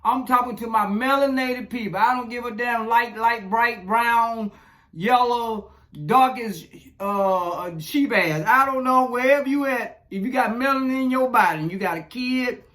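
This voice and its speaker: A man's voice: very high voice, unhurried, fairly bright tone. A man, ranting profanely in casual commentary, chuckling and rambling as he goes. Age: 40s. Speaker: social media commentator.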